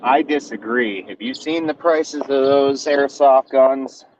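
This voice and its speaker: A man's voice: mid-range voice, steady tone, a little slow, lo-fi sound, slight background noise. A man in casual chat, dropping dry, wry one-liners.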